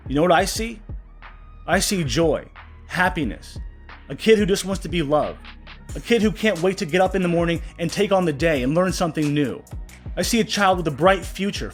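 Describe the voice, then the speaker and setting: A man hosting a commentary vlog, talking with raw anger and swearing, his voice dropping low when upset. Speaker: political commentary vlogger.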